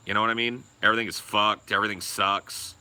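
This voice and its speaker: A man on a podcast rambles in casual, profane chat, his voice strikingly bright and edgy. He sits a little low in pitch and bursts into loud laughs between thoughts. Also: level tone, fast talker, clean tone. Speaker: podcast co-host.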